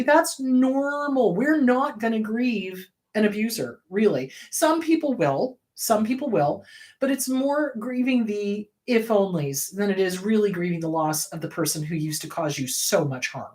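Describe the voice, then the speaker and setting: A woman therapist hosting her own show, talking in a candid, conversational way. She is blunt and emotional, and her voice jumps up high and loud whenever she quotes someone. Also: animated, moderate pace. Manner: swings to loud, high bursts when quoting. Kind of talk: casual advice talk.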